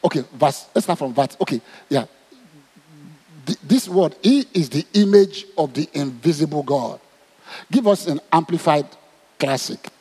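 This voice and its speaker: A man's voice: on the high side, normal speed, breathy edge. A man with a Nigerian accent preaching a sermon, asking his congregation question after question. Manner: animated, asks the crowd questions. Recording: long hall reverb.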